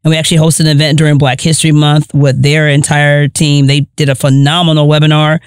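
A woman guest on a podcast, answering questions in an upbeat, quick, matter-of-fact way. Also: sits low, flat delivery, clear, resonant tone, no room sound, studio quality. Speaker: podcast guest, gaming association founder. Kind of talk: interview answers.

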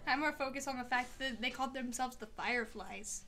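A woman's voice: high voice, fairly quick, bright, forceful tone, soft background music. A young woman chatting casually as she plays a video game with her partner, chatty and giggly. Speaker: gaming co-host. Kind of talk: casual gameplay commentary.

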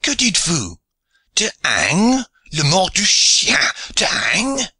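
A man's voice: high-pitched, wildly swooping pitch, slow, bright, forceful tone, husky, voice pushed up, exaggerated voice. A man playing an indignant French pirate lord. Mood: outraged. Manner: indignant, scornful outbursts. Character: defiant captured male French pirate lord.

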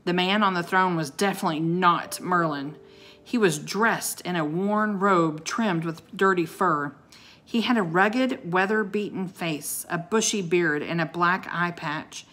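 A woman teacher reading a children's chapter book aloud to her class in a clear storytelling manner. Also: lowish voice, measured pace, a bit bright.

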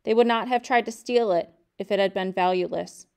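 A woman reading aloud as a young pearl diver, tense and watchful, protective of his family. His lines come plain and low-key in a smooth, clear voice, as in a storybook reading. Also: brisk, darkish tone, natural voice. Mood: grim. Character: young male pearl diver, wary and fierce.

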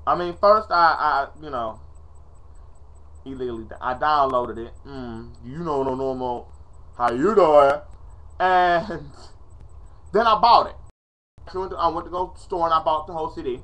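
A man's voice: a little high, unhurried, long pauses, a bit bright. A man ranting in a casual vlog, dramatic and profane, pleading in exasperation, recorded on a webcam at home. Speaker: vlogger. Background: faint music playing.

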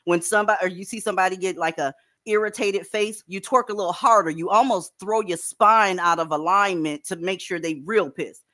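A woman's voice: lowish voice, fairly quick, fairly bright tone. A woman hosting a casual online panel chat, blunt and profane, lecturing her listeners. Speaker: panel host.

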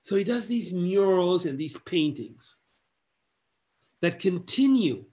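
A man giving an illustrated art history lecture in measured, halting phrases broken by long pauses. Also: high-pitched, expressive, darkish tone.

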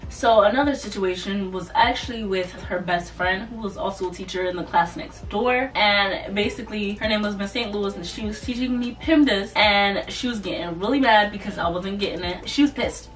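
A young woman casually telling a storytime vlog, animated and loose, slipping into mocking voices. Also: medium pitch, normal speed, few pauses. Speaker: vlogger. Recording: voice a bit far from the mic, soft music behind.

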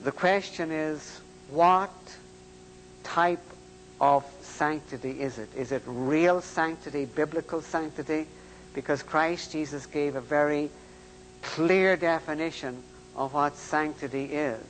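Older man, preacher, emphatic sermon delivery, slow and measured, echoing hall, faint hum. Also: a little high. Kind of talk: sermon-style lecture.

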